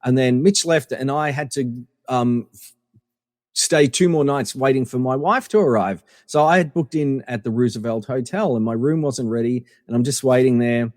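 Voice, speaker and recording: Man from Australia, middle-aged, casual interview storytelling, fillers and restarts, medium pitch, long reverb. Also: moderate pace, clean studio sound. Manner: animated anecdotes with many fillers and restarts. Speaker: podcast guest.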